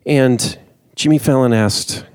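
A man's voice: medium pitch, slow, a little mellow, clear, resonant tone, no echo, clean studio sound. A man in casual chat who rants with heat and then apologises for getting carried away. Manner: heated, ranting and self-deprecating.

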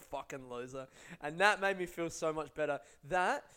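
A man's voice: a little high, normal speed, pushed and bright, clear, resonant tone. A young man, a comedian, chatting casually and telling rambling, profane stories. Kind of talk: casual vlog chat.

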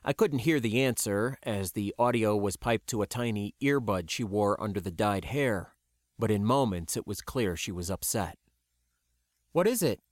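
A man narrating a science-fiction audiobook in a measured, even storytelling voice. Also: fairly low pitch, dry recording, clean studio sound.

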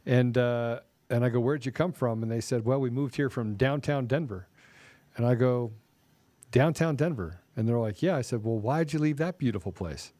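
A man's voice: mid-range voice, moderate pace, warm tone. A man hosting a casual political talk show, telling stories and acting out both sides of conversations. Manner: storytelling, acts out dialogue. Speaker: show host.

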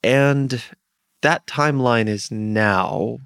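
A man's voice: medium pitch, extremely slow, vocal fry, a bit bright, smooth, no echo, clean studio sound, heavily acted. A man voicing a precise, formal older male butler in a tabletop game, speaking deferentially.

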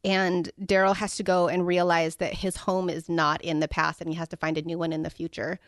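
A woman's voice: fairly low pitch, little pitch movement, brisk, no echo, clean studio sound. A woman co-hosting a casual book podcast, retelling scenes with a few fillers as she hunts for a passage. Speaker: podcast co-host.

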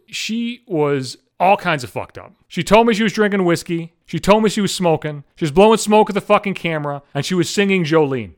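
A man in his thirties, a podcast host telling a story alone in a brash, heavily profane, animated rant. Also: high-pitched.

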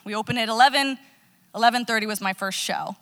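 A young woman telling a funny personal story, animated and self-mocking, laughing at herself as she goes. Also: fairly high pitch, fast talker, clear, resonant tone. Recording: long reverb.

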